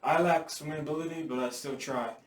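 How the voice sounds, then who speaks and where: A man's voice: on the high side, fairly even intonation, a little fast. A man asking interview questions in a casual, hesitant way. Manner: hesitant, with fillers. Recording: echoey room, distant mic.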